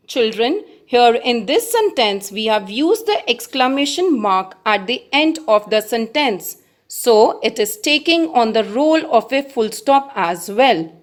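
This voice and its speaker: A woman teacher with an Indian English accent, explaining grammar slowly to children and stressing the example words. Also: fairly high pitch, very animated. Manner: addresses children, reads examples with emphasis. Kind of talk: slow classroom explanation.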